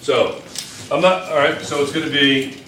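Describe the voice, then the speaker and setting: Bright-voiced man teaching chemistry in an echoey classroom. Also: on the high side, steady tone, normal speed, far from the mic. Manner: repetitive, checks in often with students. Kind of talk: classroom lecture at a whiteboard. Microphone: camera in the room. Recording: echoey classroom with faint room noise.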